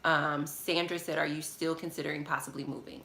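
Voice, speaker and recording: A woman with a low, gravelly and bright voice hosts a live chat. She reads out viewers' questions and answers them openly. Her studio apartment gives the sound a noticeable roomy echo. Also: little pitch movement, fairly quick, slight background noise. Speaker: budgeting channel host.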